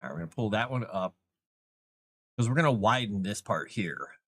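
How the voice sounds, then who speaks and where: A man's voice: on the low side, expressive, moderate pace, a bit bright. A man hosting a casual live stream, thinking aloud as he works and chatting to viewers and his cat. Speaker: author and live-stream host.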